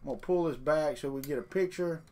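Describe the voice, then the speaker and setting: A man's voice: a little high, fast talker, warm tone. A man hosting a live stream, chatting casually in a folksy, rambling way. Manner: folksy, rambling, talks off the cuff.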